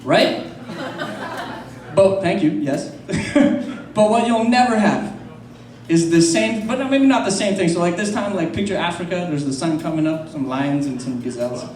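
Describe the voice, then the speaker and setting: Stand-up comic from France, high voice, profane and loose, distant roomy club. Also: male voice, moderate pace, darkish tone. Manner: loose, profane, crowd work. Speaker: stand-up comedian. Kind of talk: stand-up comedy set. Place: comedy club. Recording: roomy club recording from afar with crowd. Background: audience laughter.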